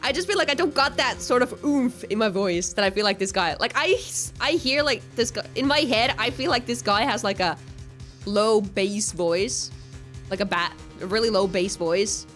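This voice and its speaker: A young woman, streaming a game, giggly and excitable as she chats with viewers. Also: medium pitch, normal speed, soft background music. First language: Finnish. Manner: giggly, excitable, reads dialogue aloud. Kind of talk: game livestream chat.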